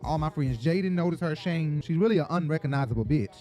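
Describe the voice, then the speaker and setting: A man from Atlanta hosting a gossip show, telling stories in a sassy, profane, animated way. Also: on the high side, fast talker, soft background music. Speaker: show host. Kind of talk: casual gossip commentary.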